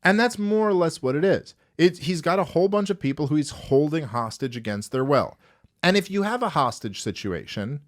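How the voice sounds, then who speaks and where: A man hosting a podcast in casual political chat, ranting animatedly and swearing freely. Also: mid-range voice. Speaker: podcast host.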